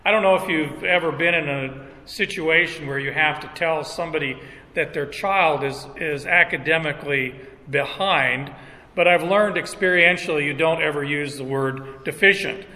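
Preaching from what sounds like a church sanctuary, this middle-aged man speaks in an unhurried, halting way, restarting his phrases and chuckling now and then. A long hall reverb carries his bright, somewhat high voice.

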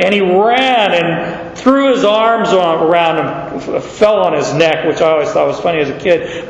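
Man, pastor, conversational sermon with asides, slow, echoey hall, dull sound. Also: sits high, a little hiss or hum. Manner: conversational, explaining with asides and repeated words. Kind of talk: expository sermon.

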